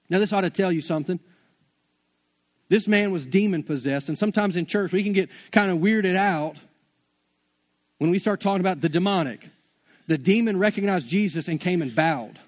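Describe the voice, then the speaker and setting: High-voiced casual preacher. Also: male voice, normal speed, long pauses. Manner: casual, conversational preaching with slang. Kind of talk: sermon.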